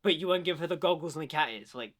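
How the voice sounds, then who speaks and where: A man's voice: on the high side, lively intonation, fast. A man giving a casual, opinionated film commentary, talking freely with lots of "like" fillers. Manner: opinionated, chatty, many "like" fillers. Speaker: movie commentator.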